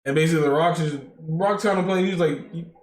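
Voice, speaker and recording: Quick-paced and fairly high-pitched, a man co-hosts a podcast with casual wrestling talk. He rambles with many fillers and restarts, recorded in an echoey room with faint noise in the background.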